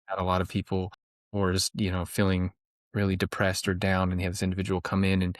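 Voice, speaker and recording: A man's voice: low voice, completely flat delivery, quick pace, dry recording, studio quality. A man being interviewed as a guest, explaining earnestly in conversation, often restarting his sentences.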